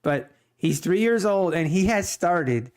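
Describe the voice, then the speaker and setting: A man's voice: high-pitched, animated, a little slow, a little mellow. A man hosting a day-trading livestream, chatting casually with his viewers, laughing often as he tells stories and comments on the market. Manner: chatty, laughs often, addresses chat directly.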